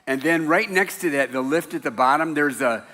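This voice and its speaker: A man's voice: on the high side, moderate pace, sharp tone. An older man, a pastor, giving a casual, rambling sermon full of stories and laughter, recorded in a church. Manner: rambling, self-interrupting storyteller who laughs at his own stories. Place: church sanctuary. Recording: church hall reverb.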